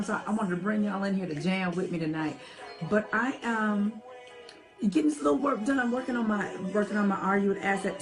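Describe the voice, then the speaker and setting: Chatty woman hosting a late-night livestream. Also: medium pitch. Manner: chatty, talks to viewers as y'all, soft half-whispered. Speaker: livestream host reading viewer comments. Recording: faint music behind the voice. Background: old-school music playing.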